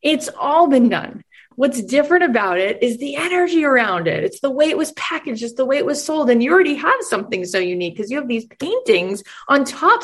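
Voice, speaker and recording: A woman hosting a podcast, giving energetic coaching talk and acting out voices of the people in her stories. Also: high voice, breathy edge. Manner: enthusiastic, acts out quoted voices. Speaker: podcast host and business coach.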